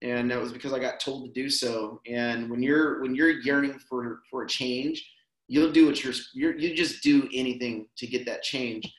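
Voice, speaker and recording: A man's voice: medium pitch, normal speed. Laid-back man telling a story, roomy sound. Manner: relaxed, rambling, peppers speech with "man" and "dude". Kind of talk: casual personal storytelling. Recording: roomy echo.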